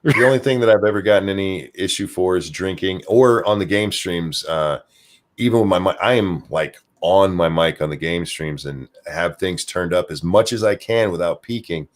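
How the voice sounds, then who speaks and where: A man with a very deep voice hosting a casual podcast chat. He banters crudely and jokes around, with an easygoing swagger. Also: normal speed. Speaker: podcast host and streamer.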